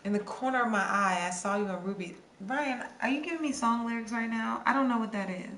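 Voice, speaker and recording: A woman's voice: fairly high pitch, a little fast, a bit bright. A young woman hosting a casual livestream, chatting loosely with viewers and reading their comments. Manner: chatty, scattered, answers song requests with bits of singing. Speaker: livestream host. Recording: roomy with faint ambient noise.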